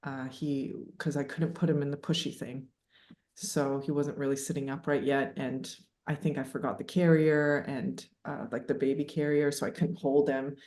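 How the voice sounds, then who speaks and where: A woman in her thirties telling a personal story as a podcast guest, animated and laughing, with many fillers. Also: very deep voice, normal speed. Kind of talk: casual storytelling interview. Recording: echoey room.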